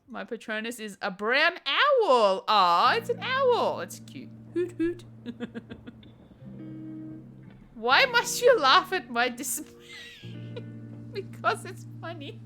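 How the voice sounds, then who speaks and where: A woman's voice: high-pitched, sharp tone. A woman streamer chatting casually with her viewers while she paints. She reads chat messages aloud and laughs often.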